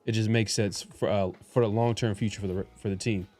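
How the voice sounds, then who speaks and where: A man co-hosting a casual sports talk show, speaking in a halting, laid-back way with many restarts. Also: on the low side, steady tone, darkish tone, no echo, faint music behind. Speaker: podcast co-host.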